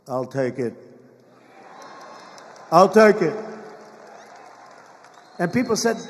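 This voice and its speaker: In a big rally hall with long reverb, a man speaks in a high-pitched, slightly mellow voice. He's playing a political candidate giving a rambling campaign speech, boasting, mocking, and repeatedly turning to address the crowd.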